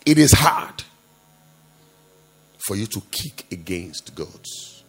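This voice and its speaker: A male pastor preaching an impassioned sermon, jumping between quiet asides and loud rebukes full of rhetorical questions. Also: on the low side, sing-song, takes it slowly, slightly rough.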